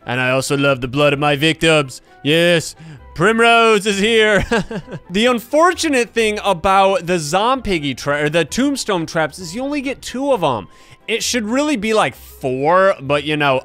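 Bright, excitable young man gaming. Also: high-pitched. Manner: excitable, laughs a lot, yells at other players. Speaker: gaming YouTuber. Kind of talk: excited Roblox gameplay commentary.

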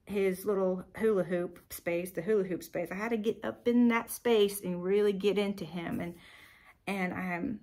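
A woman podcast host telling a personal story in a chatty, animated way, with sighs and filler words. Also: medium pitch, normal speed.

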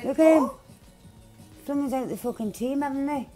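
A woman giving loud, excitable gameplay commentary, swearing freely, shouting and laughing. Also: sits high, normal speed, loud music behind the voice. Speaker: gaming channel host.

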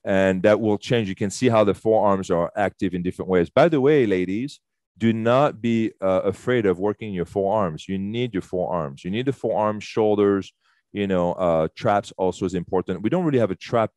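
A man's voice: on the low side, moderate pace, a little mellow, no room sound, studio quality. A man leading a fitness workshop, chatty and enthusiastic, with loose fillers and casual swearing. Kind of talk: casual live workshop instruction. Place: fitness studio.

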